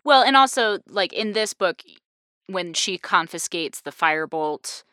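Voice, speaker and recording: A young woman hosting a casual podcast chat, animated and quick to laugh, with lots of restarts. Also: on the low side, dry recording, studio quality. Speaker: podcast host.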